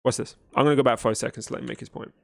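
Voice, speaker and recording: A man's voice: mid-range voice, steady tone, very fast, gravelly. A man reacting to a video, arguing back in a blunt, exasperated, lecturing way. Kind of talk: argumentative reaction commentary.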